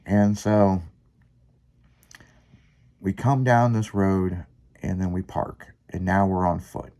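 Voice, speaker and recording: A man hosting a podcast, telling a long story in casual, profanity-laced chat with lively, rambling delivery. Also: sits low, slow. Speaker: podcast host.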